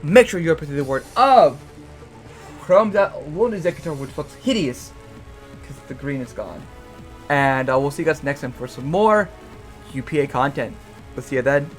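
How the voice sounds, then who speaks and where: A man's voice: medium pitch, animated, normal speed, faint music behind. A young man casually talking through his team picks, rambling and stumbling over repeated words with self-mocking jokes. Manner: self-mocking, jokey asides. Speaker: YouTuber and league coach. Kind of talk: casual draft analysis commentary.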